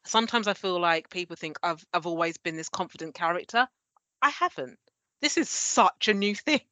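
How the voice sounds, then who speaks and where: A woman's voice: on the low side, lively intonation, moderate pace, bright, forceful tone, no echo. A woman as a podcast guest, speaking in an emphatic, reassuring way in a frank conversation.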